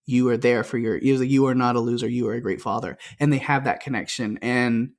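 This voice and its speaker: A man's voice: medium pitch, fairly even intonation, fast. Chatty man retelling film scenes. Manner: rambling, retells scenes with quoted lines. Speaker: podcast co-host. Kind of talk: casual film discussion.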